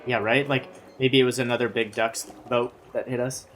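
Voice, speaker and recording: A man's voice: mid-range voice, little pitch movement, normal speed, a bit bright, soft background music. A man co-hosting a casual let's-play, joking and exclaiming as he plays. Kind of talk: casual gaming banter.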